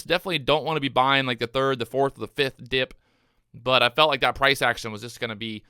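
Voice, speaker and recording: A man giving live day-trading commentary to his viewers, excitable and out of breath, repeating his phrases as he watches the charts. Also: fairly high pitch, clean tone, no echo, studio quality. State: out of breath, hyped up. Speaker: day trader streaming his trades.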